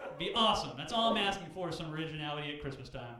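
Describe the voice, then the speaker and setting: A man performing stand-up on a club stage, his voice swinging widely up and down. He sits a little high for a man, and the room rings with strong echo. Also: rapid-fire. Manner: animated, shouts high-pitched bits for characters. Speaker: open mic comedian. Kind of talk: stand-up comedy set.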